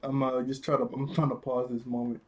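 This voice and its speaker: Guy rambling thru a cartoon episode recap, chuckly, lots of likes and ums, kinda warm mellow tone. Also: medium pitch, flat delivery, a little fast, dull audio. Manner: rambling, chuckling, filler-heavy retelling. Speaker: episode reviewer. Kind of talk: casual cartoon episode review.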